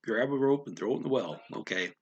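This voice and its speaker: A man slowly explaining a story word by word as a language teacher, thinking aloud with many pauses. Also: medium pitch, animated, husky, dull audio. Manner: slow, thinking aloud, frequent fillers.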